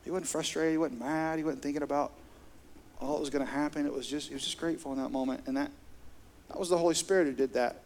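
A man's voice: on the high side, steady tone, quick pace, a little hiss or hum. A middle-aged man, preaching a sermon as pastor in an earnest, conversational way. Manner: earnest, conversational, with soft laughs.

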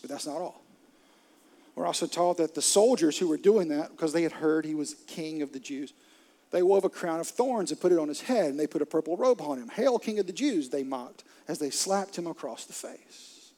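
A man preaching a sermon, retelling a story with dramatic swings from hushed near-whispers to loud outbursts. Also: a little high, expressive, normal speed. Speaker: pastor.

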